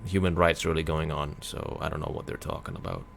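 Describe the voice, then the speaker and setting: A man's voice: rumbling low, big pitch swings, a little fast, vocal fry, slight background noise. A streamer man reading news aloud and adding blunt comments, stumbling over hard names.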